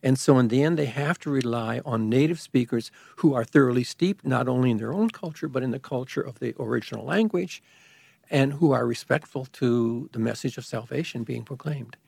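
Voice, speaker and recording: A man in a calm, measured conversation, explaining church matters at length with occasional restarts. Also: medium pitch, gravelly, slightly rough, dry recording. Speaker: guest expert on liturgy.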